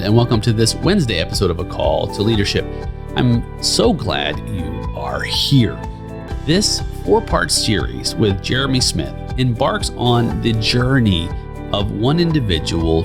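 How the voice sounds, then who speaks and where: A man with a low, gravelly voice opens a podcast episode in an earnest and encouraging tone. Guitar music plays clearly underneath him. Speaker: podcast host.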